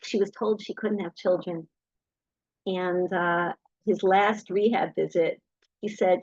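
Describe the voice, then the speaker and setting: Middle-aged woman, anecdotal talk, husky voice, dry close sound, acts out quotes. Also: fairly low pitch, steady tone, takes it slowly, darkish tone, no echo, muffled recording. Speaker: speaker. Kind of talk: storytelling talk to an audience.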